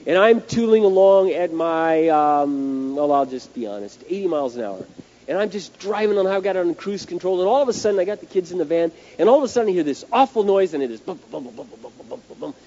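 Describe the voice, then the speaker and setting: A man preaching a sermon as pastor, telling a story in an animated, emphatic way, on a dull lo-fi recording. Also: high voice, fast, a little hiss or hum.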